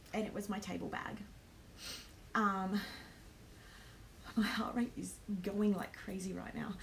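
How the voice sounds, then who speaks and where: A woman's voice: mid-range voice, a little hiss or hum. An Australian woman hosting a live stream, telling a travel story in a chatty way, with lots of ums and nervous laughs.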